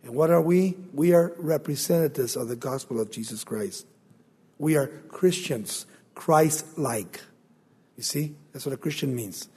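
A man preaching a sermon, building to loud emphasis and acting out the voices of biblical figures. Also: on the high side, a little slow, slightly rough. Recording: long hall reverb.

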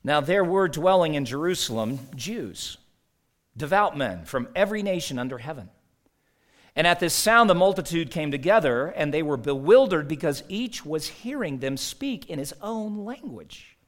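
A man preaching a sermon in a slightly higher-pitched voice. He talks to his congregation conversationally, with rhetorical questions, and reads scripture aloud. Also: animated, moderate pace. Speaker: pastor.

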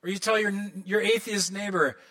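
A man preaching a sermon as pastor, telling the story in an animated way with comic asides. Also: high-pitched, moderate pace.

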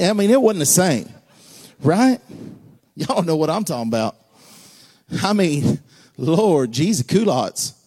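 Animated preacher, folksy and loud. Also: male voice, fairly high pitch, slightly rough. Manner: folksy, joking, animated preaching with sudden shouts and hushed asides. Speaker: pastor. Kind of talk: sermon.

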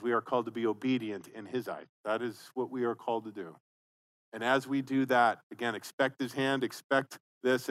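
A man's voice: mid-range voice, a bit bright. A man preaching a sermon as pastor, conversational and emphatic, repeating phrases for stress.

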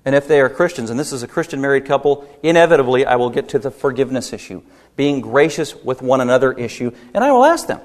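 A man preaching a sermon as pastor, emphatic, rising to loud peaks and dropping low, with rhetorical questions to the congregation. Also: expressive, fast talker. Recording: long hall reverb.

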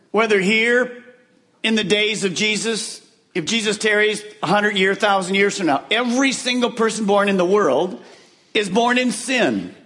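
Guy preaching a sermon, high voice, swings up and down a lot, leans hard on words. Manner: emphatic preaching, drops to a hushed low voice for questions. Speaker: pastor. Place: church.

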